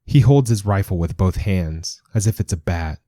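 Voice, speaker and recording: Deep, dark-voiced male narrator. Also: no echo, clean studio sound. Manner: calm, measured storytelling with quoted voices. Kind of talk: scripted narration.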